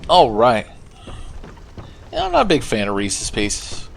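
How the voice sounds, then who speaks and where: A man's voice: mid-range voice, wildly swooping pitch, a little slow, vocal fry, a little hiss or hum. A young man commenting on a video game he plays, joking and sarcastic, now and then breaking into silly singing. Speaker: gaming video host. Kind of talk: casual let's play commentary.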